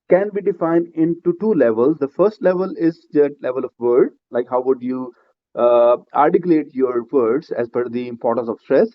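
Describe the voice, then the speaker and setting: A man teaching a speaking-exam class, explaining step by step with "uh" fillers and frequent "right?" checks. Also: on the high side. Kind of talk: classroom lecture. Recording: slightly dull lo-fi recording.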